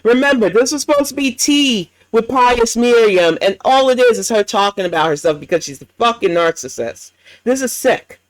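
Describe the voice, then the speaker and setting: A man's voice: very high-pitched, lively intonation, normal speed, dry recording, poor audio. A man hosting a livestream commentary show, ranting bluntly with heavy profanity.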